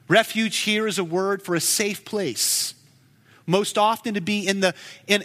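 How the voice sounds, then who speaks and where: Guy preaching slow and bright, big reverb, gets all urgent then drops real low. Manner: emotive preaching, rising to urgent pleas then dropping low. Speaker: pastor. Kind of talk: sermon.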